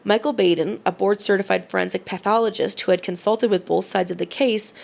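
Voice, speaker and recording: A woman's voice: mid-range voice, fairly even intonation, brisk, vocal fry. A woman co-hosting a podcast, teasing in casual chat and reading long factual case notes. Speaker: podcast co-host.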